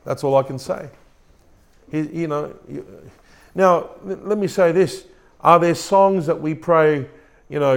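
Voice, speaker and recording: A man's voice: on the high side, unhurried, creaky. A male pastor preaching a sermon, often repeating and restarting words and putting questions to the congregation. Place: church room with a congregation.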